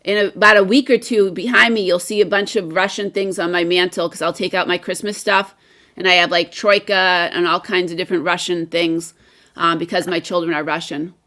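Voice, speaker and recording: Bright, chatty American woman teacher on a video call. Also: on the low side, fairly even intonation, a little fast. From United States. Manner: enthusiastic, chatty, repeats words as she talks. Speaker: guest English teacher. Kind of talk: casual live-stream discussion.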